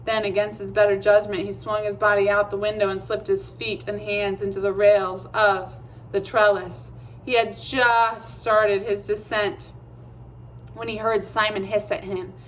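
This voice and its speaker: Woman narrator for a chapter book, steady and measured, mid pitch. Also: a little hiss or hum, rough recording. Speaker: audiobook reader. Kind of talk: storybook narration.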